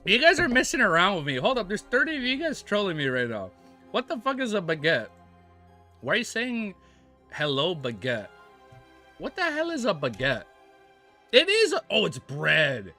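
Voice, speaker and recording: Lively bright-voiced American man streaming. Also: sits high, moderate pace, pauses often, soft background music. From United States. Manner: joking, laughs often, mock-French phrases. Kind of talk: casual live-stream chat with viewers.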